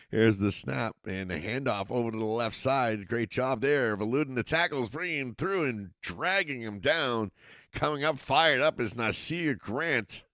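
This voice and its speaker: A man's voice: fairly low pitch, dry recording, studio quality. A man from Massachusetts with a slight local accent, calling play-by-play for a youth football game. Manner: steady play-by-play, rising excitement on scoring plays. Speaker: play-by-play announcer.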